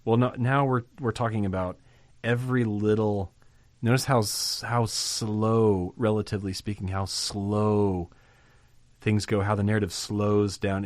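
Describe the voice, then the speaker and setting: Low-voiced man teaching scripture. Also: steady tone, unhurried, a little mellow, dry recording. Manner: reads scripture aloud and comments conversationally. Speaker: Bible teacher. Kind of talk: expository Bible teaching.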